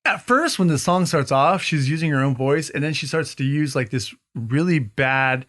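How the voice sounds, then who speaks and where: A man hosts a laid-back podcast conversation. His voice sits a little high, and he keeps stopping to say um and restart. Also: animated, normal speed, noisy background. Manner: hesitant, full of ums and restarts. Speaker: podcast host. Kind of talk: casual podcast chat.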